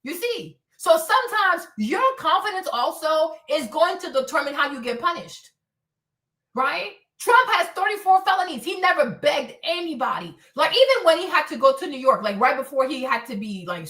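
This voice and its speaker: A woman with a high, sharp voice rants through a live-stream commentary, swearing hard and pressing her audience for agreement again and again. She sounds set back from the mic in a roomy, echoing space. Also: expressive, normal speed, far from the mic. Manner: profane, emphatic, keeps asking "right?".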